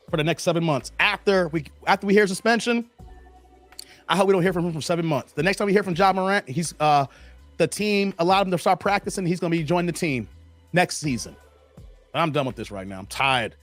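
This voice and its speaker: A man's voice: high-pitched, quick pace, soft background music. A man hosting a livestream, talking bluntly and casually to his chat. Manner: animated, blunt, talks straight to chat. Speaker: livestream host.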